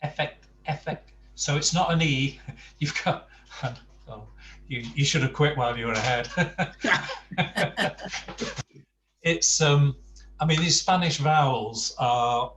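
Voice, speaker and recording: A man coaching Spanish pronunciation at an unhurried pace. He is patient and encouraging, his sentences often fading off quietly. His voice sits in an echoey room with a faint hum underneath. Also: medium pitch, far from the mic, dull audio. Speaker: Spanish tutor. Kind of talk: online language lesson, coaching pronunciation.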